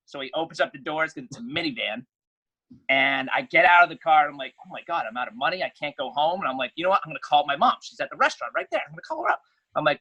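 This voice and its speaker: A man's voice: fairly high pitch, quick pace, rough recording. A young man, a podcast guest, telling a story in casual chat and acting out the voices in it. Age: young adult. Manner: animated, acts out quoted voices loudly.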